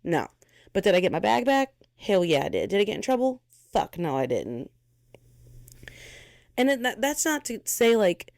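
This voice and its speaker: In a dry, studio-quality recording, a young podcast host speaks candidly in a blunt, fiery, emphatic, heavily profane monologue while close to tears. Her voice is mid-range, animated, creaky, and a little mellow, at a normal speed.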